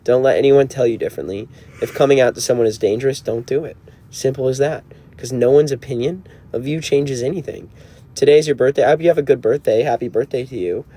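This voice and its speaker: A man's voice: mid-range voice, moderate pace, mellow. A man in his twenties in a car, chatting casually on a livestream and answering viewer comments. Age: 20s. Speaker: band member hosting a livestream.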